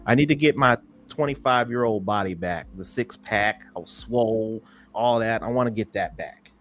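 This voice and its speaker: A man's voice: fairly low pitch, normal speed, faint music behind. A man co-hosting a casual live-stream chat, telling stories and acting out the quotes. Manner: storytelling, acts out quotes with lively ups and downs. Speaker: podcast co-host.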